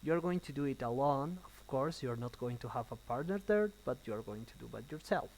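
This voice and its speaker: A man teaching an English class, explaining slowly with uh and um between phrases and then translating quickly. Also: medium pitch, animated, rough recording. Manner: thinking out loud with uh and um. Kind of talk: recorded online class, switching between English and Spanish.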